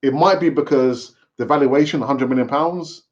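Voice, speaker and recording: Animated football fan, lo-fi sound. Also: male voice, medium pitch, normal speed. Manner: animated, repetitive, conversational rambling. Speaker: football fan channel host. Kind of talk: casual live-stream commentary.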